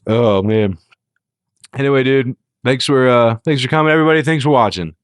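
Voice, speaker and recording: A man's voice: medium pitch, fairly quick, clear, resonant tone, no room sound, clean studio sound. A young man co-hosting a podcast in casual chat, laughing often and slipping into mocking impressions. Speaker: podcast co-host.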